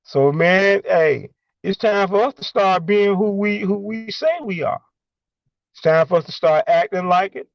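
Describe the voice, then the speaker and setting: A man calling in and speaking emphatically in a preachy way, halting with many fillers between points. The audio is a dull, lo-fi call line. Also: high-pitched, creaky, no echo. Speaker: caller. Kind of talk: impassioned call-in monologue.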